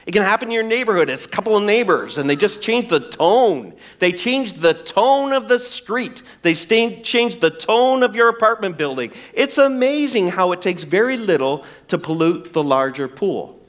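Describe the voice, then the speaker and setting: Male pastor, high and lively voice, preaching with playful energy. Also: normal speed, few pauses. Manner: animated, acts out whiny voices for effect. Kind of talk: sermon.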